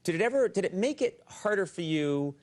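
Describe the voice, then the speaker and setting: A man's voice: sits high, animated, a little fast, darkish tone. A man hosting a talk show and interviewing a guest with joking asides and playful teasing. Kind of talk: comic interview.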